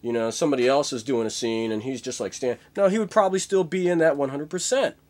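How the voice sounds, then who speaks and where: A man's voice: mid-range voice, fast, a little mellow. A young man vlogging in a casual, rambling monologue, full of fillers and swearing. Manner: rambling, many fillers, profane.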